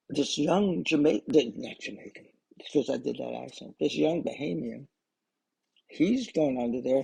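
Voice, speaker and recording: A man's voice: mid-range voice, vocal fry, dark tone, slightly rough, poor audio. An older man telling a personal story in a casual, rambling way, often restarting and adding asides. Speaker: storyteller recording memories for his grandchildren.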